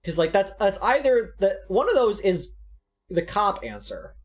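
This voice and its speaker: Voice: mid-range voice, big pitch swings, measured pace. A streamer giving casual, rambling, sarcastic commentary while playing a game, swearing freely. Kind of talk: casual let's-play commentary.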